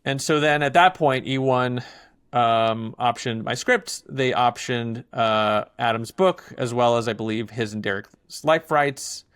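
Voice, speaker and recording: A man's voice: mid-range voice, a little slow, clear, resonant tone, no room sound. Chatty man, guest on a film interview. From not from England. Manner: animated storyteller, many fillers. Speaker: filmmaker guest. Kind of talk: casual interview talk.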